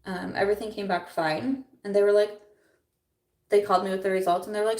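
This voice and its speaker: This young beauty vlogger from Iowa talks fast in a medium-pitched, darkish voice with fairly even intonation as she does her makeup on a livestream. She rambles with lots of fillers and nervous laughs. The recording is distant and roomy with echo, her voice a little off mic.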